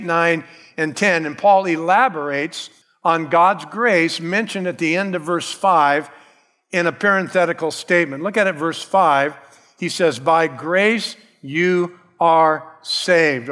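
A man delivers a sermon with an insistent, emphatic preaching style. His voice sits a little higher than most men's. The sound carries the long reverb of a large church hall. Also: fairly bright tone. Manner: emphatic preaching, calls out "Amen?", acts out quoted voices. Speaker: pastor.

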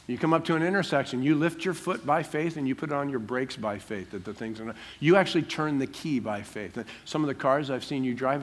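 A man's voice: on the high side, fairly bright tone. A man preaching a sermon in church, talking in a humorous, conversational way with everyday stories. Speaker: pastor.

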